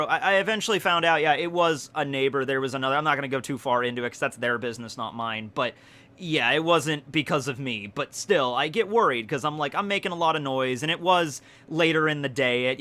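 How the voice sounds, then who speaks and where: A man in his twenties, a YouTuber, telling stories casually in an excitable way, swearing often and laughing along. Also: mid-range voice. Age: 20s. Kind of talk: casual storytelling vlog.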